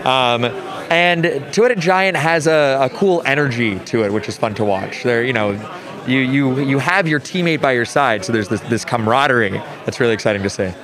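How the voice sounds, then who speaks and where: A man's voice: medium pitch, moderate pace, crowd noise. A man who judges card games, answering interview questions thoughtfully and with enthusiasm. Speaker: tournament judge.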